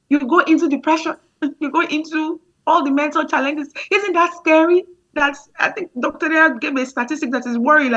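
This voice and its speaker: A woman's voice: sits high, muffled recording. A woman giving an impassioned motivational talk over a remote link, often repeating words. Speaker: speaker.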